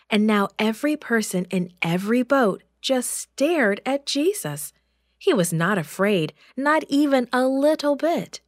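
A woman narrating a Bible story for children in a slow, clear and expressive way. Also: medium pitch, no room sound, clean studio sound.

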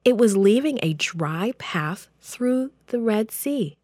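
A woman tells a children's Bible story in a gentle, expressive read-aloud manner. She takes her time and lets each phrase land slowly. The sound is dry and close to the mic. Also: medium pitch, no room sound.

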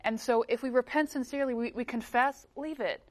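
A woman speaking quickly in a relaxed group Bible discussion. She tells stories and acts out the people she quotes. She laughs easily along the way. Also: fairly high pitch. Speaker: panel member.

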